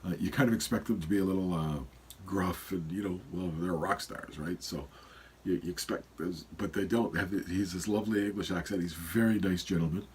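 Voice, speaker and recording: A man's voice: low-pitched, fairly even intonation, brisk, slight background noise. A man in his fifties with a stuffy nose, hosting a podcast in a rambling, casual solo intro full of fillers. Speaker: podcast host.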